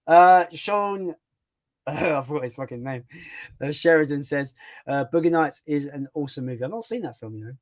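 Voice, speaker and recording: Male channel host, casual, sweary, laughs a lot, a bit higher voice. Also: animated, measured pace, pauses often. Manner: swears freely, laughs often. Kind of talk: casual chat on a livestream.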